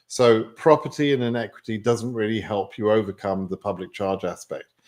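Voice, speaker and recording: A man's voice: fairly low pitch, fairly even intonation, normal speed, darkish tone. A man with an English accent answering viewer questions on a live stream, in a chatty way with many fillers. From England.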